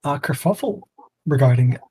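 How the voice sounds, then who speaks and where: A man co-hosting a podcast, retelling a video game's story in a loose, rambling way with quick mock voices and frequent laughs. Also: medium pitch, lively intonation, dark tone, breathy edge. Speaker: podcast co-host. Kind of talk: casual podcast chat.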